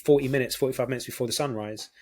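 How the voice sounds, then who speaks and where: Male guest; earnest explainer who slows down for emphasis. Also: mid-range voice, fairly even intonation, a little mellow. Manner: earnest explainer, slows to stress key words. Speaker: guest health consultant. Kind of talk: casual interview chat.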